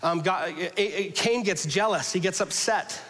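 A man preaching a conversational sermon to a congregation, joking casually and swinging between loud emphasis and hushed passages. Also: high voice, unhurried, big-room sound, low-quality recording. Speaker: pastor. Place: church hall with a congregation.

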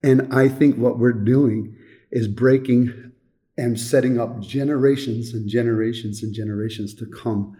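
A man's voice: mid-range voice, steady tone, a little slow, warm tone. An older man who directs a children's home, telling a heartfelt story in an interview with earnest repetition.

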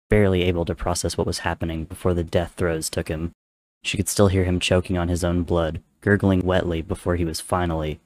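Deep-voiced man reading a story. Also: a little mellow. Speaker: narrator.

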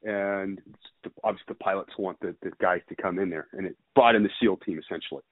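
A man's voice: deep voice, quick pace, no echo. A man casually telling a rambling story, swearing freely and stumbling over details. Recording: dry phone-like sound.

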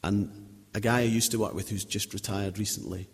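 A man's voice: lowish voice, fairly even intonation, a little fast, breathy edge. A man in his thirties giving an informal sermon, chatty and anecdotal, often restarting his sentences. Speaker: lay preacher. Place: church. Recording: long reverb of a church hall.

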